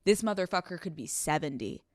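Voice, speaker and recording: A woman's voice: lowish voice, lively intonation, brisk, a little mellow, dry recording, clean studio sound. Blunt, profane woman podcast host. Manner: acts out scenes with quoted voices. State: running on no sleep. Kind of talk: casual advice podcast.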